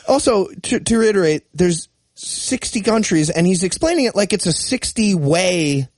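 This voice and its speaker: A man co-hosting a comedy podcast, cracking deadpan jokes in casual banter. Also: high-pitched, normal speed, dry recording.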